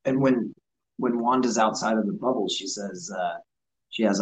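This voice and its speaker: A man's voice: lowish voice, normal speed, low-quality recording. A man talking casually about a TV series, loose and full of "like". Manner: relaxed, lots of "like" fillers. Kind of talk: casual chat about a TV show.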